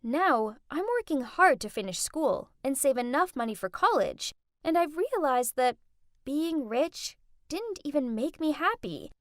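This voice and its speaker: A woman narrating a first-person animated story in an expressive, dramatic manner. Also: high voice, unhurried, no room sound, clean studio sound.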